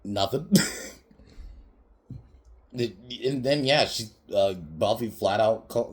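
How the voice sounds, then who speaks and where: A man with a very low voice talks through a film's scenes in a loose, unscripted podcast recap. He wanders, swears casually and keeps breaking into laughter at the jokes he retells. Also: slow, long pauses. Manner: rambling, laughs often, swears freely, many fillers. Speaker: podcast movie reviewer.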